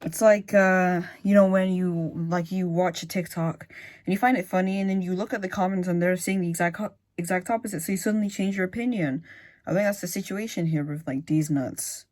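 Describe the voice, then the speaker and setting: A woman's voice: lowish voice, brisk, darkish tone. A woman giving casual reaction commentary, musing aloud with lots of fillers and restarts. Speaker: reaction video host.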